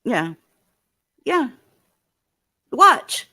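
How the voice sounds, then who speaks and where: A woman's voice: high voice, big pitch swings, very slow, sharp tone, no echo, clean studio sound. Blunt, profane woman streamer. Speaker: livestream host. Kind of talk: blunt commentary and advice to callers.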